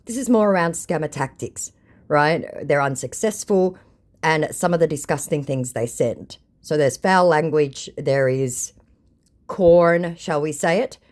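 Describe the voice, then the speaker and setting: A woman's voice: deep voice, a little slow, darkish tone. A woman from Australia who hosts her own channel, telling her story with mocking sarcasm. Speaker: channel host. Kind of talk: sarcastic chat recounting messages.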